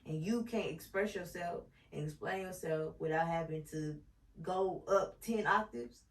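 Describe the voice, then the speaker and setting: A woman's voice: lowish voice, measured pace, far from the mic. A woman co-hosting a podcast, talking candidly and with animation in casual chat. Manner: candid, animated, trails off with "blah, blah". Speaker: podcast co-host. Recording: roomy sound from off-mic.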